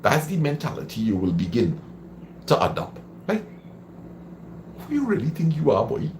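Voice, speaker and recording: On his live stream, a man from Trinidad and Tobago shares casual encouragement, echoing phrases for emphasis and reacting to viewer comments. His medium-pitched, darkish voice swings hugely in pitch at a moderate pace, against slight background noise.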